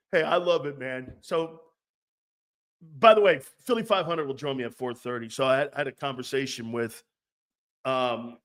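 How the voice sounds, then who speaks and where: A man's voice: mid-range voice, a bit bright. A man hosting a sports talk show, ranting in a blunt, profane, mocking way and laughing often. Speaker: host.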